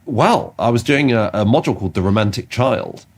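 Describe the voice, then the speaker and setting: Deep, husky bloke, chatty comedy co-host, meandering anecdotes, lots of restarts. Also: male voice, expressive, fairly quick. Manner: rambling, self-interrupting storytelling with restarts. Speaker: podcast co-host. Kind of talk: casual comedy podcast chat.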